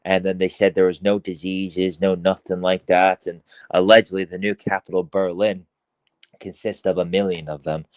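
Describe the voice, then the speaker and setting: An Irish man talking as a podcast guest in casual chat, rambling with heavy swearing, halting restarts and fillers. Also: deep voice, flat delivery, no room sound.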